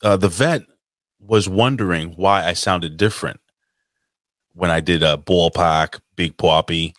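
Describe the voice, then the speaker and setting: Deep-voiced, swearing podcast co-host. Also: male voice, unhurried, fairly bright tone, dry recording, clean studio sound. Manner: brash, profane banter. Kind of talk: casual chat. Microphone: podcast microphone.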